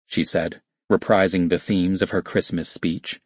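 Husky low-voiced male narrator. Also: steady tone, unhurried, dry recording, studio quality. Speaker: audiobook narrator. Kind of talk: scripted narration.

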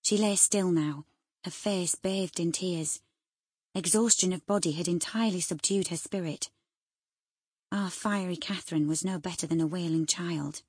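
A woman narrating a classic novel as an audiobook reader, in a measured, even storytelling manner. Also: on the low side, husky, no room sound, studio quality.

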